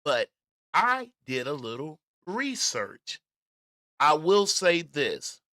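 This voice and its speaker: A man hosting a casual commentary livestream, talking in an animated, emphatic way with frequent stammers and restarts. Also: a little high, takes it slowly, no echo, clean studio sound. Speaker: host.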